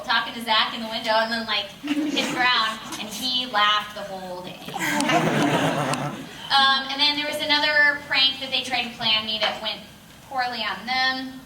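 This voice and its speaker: A woman voice actor telling a funny story in a casual, self-mocking way, laughing and acting out the quoted voices. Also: mid-range voice. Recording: roomy, distant mic with clear room noise.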